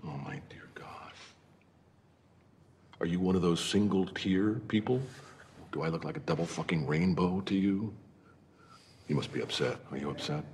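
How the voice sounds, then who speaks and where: An actor playing a cruel, explosive male band conductor, swinging from menacing hush to roaring insults, in a film clip. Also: deep voice, normal speed, long pauses. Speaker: abusive jazz band conductor. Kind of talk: film drama acting. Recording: film clip with faint noise.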